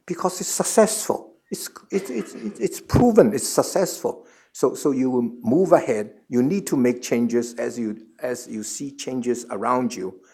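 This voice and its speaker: A man in his seventies answering questions as a guest at a forum, earnest and halting, often repeating words before he finds the next phrase. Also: mid-range voice, gravelly, warm tone, breathy edge. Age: 70s. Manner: earnest, measured explanation. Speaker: guest speaker.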